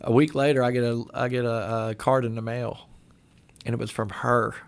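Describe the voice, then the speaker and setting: A man with a gravelly, creaky voice, telling stories in a studio podcast chat. He jumps into quoted voices and puts real feeling into them, and his pitch sits in the middle range for a man. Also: normal speed. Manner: animated storyteller acting out quoted voices. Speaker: podcast guest. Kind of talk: casual storytelling chat.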